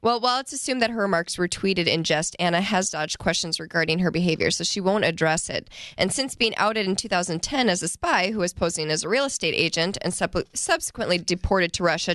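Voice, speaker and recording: A woman's voice: lowish voice, lively intonation, a little fast, a bit bright, dry recording, clean studio sound. A woman reading trending stories in a radio-style segment, laughing often and reading with playful drama. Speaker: trending-topics correspondent. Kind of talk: scripted segment with casual banter.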